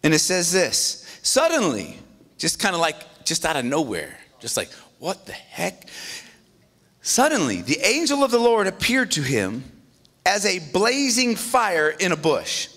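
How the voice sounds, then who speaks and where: A male pastor preaching a sermon in an animated, conversational way, with joking asides. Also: high-pitched, measured pace.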